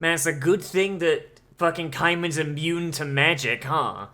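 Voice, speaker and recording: A man's voice: on the high side, unhurried, sharp tone. A man hosting an anime watch-along, reacting with profane, incredulous outbursts and running commentary.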